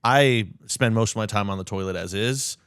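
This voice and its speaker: A man's voice: fairly low pitch, normal speed, fairly bright tone, clean tone, dry recording, clean studio sound. Self-deprecating man, podcast guest. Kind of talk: casual chat.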